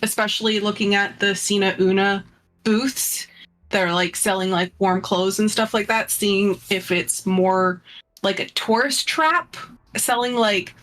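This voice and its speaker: A woman's voice: mid-range voice, a little slow, a bit bright. A woman playing in a tabletop game, chatty and casual, filling her talk with "like". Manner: chatty, lots of "like", laughs often. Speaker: player.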